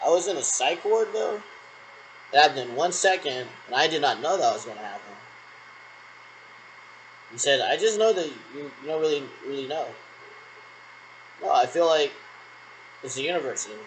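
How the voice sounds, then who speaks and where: A man's voice: a little high, expressive, normal speed, long pauses, a little hiss or hum, low-quality recording. A man in a rambling solo monologue who repeats himself and answers his own questions.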